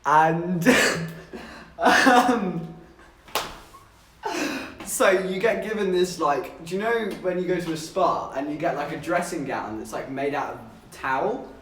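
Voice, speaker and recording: A man's voice: fairly high pitch, slow, long pauses, fairly bright tone, distant mic, slight background noise. A young man from southern England chatting casually to his livestream chat, telling stories with giggles along the way. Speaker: streamer. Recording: echoey room, voice a bit off-mic.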